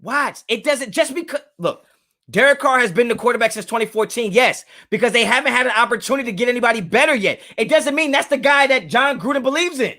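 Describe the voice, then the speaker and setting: A man's voice: very high voice, lively intonation, fast, sharp tone. A young man hosting a live sports fan talk, arguing heatedly with chat and repeating himself to press a point. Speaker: sports talk show host.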